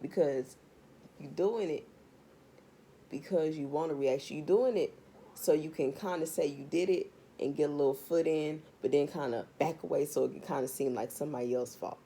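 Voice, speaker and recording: A woman's voice: sits low, moderate pace, dark tone, husky. A woman doing a casual tarot reading vlog, talking straight to her viewers in a blunt, profane rant. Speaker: tarot reader.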